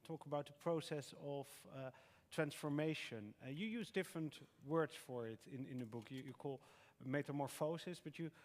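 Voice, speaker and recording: A man's voice: a little high, moderate pace, hardly any pauses. A man interviewing an author on stage in a debate hall, hesitant, with many filler sounds as he searches for words. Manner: hesitant, many "uh"s, frequent listening murmurs. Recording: reverberant hall.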